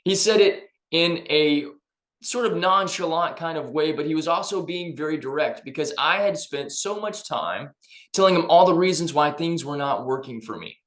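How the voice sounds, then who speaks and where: A man's voice: a little high, lively intonation, moderate pace, a bit bright. Upbeat motivational man, echoey room. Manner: upbeat, emphatic, conversational. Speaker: personal development vlogger. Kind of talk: motivational talk to camera.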